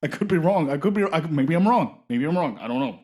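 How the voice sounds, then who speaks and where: A man's voice: on the high side, animated, fairly quick, dark tone, close to an everyday voice. Man doing a goofy, boastful jock adventurer. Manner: rambling, hesitant, goofy. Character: dim-witted male jock adventurer, boastful but awkward. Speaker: show host in character. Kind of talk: tabletop role-play in character.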